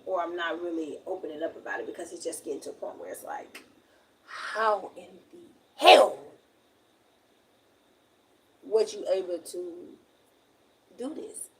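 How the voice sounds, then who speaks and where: A woman's voice: low voice, breathy edge, recorded from a distance, low-quality recording. A young woman with a Southern US accent, from Alabama, talking frankly and at length in a casual livestream. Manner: frank, rambling, emphatic.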